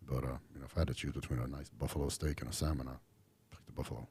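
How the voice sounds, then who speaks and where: Deep rumbly husky guy from texas, talks fast, easygoing drawl. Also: steady tone, a little mellow, dry recording. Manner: laid-back drawl, many fillers. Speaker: podcast guest. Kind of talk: casual interview chat.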